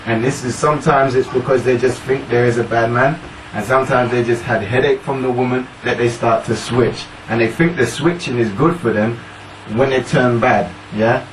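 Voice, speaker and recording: A man's voice: mid-range voice, moderate pace. A man talking about fatherhood in casual discussion, emphatic and prodding his listeners with "yeah?". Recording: roomy, distant mic, faint noise.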